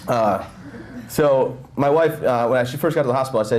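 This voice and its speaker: A man's voice: medium pitch, a little fast, a little mellow. A young man speaking to a breakfast audience, telling personal stories in a joking, conversational way with lots of fillers, close on a handheld mic. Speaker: guest speaker. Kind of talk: motivational talk to an audience. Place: breakfast event hall. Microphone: handheld mic held close, audible nose breathing.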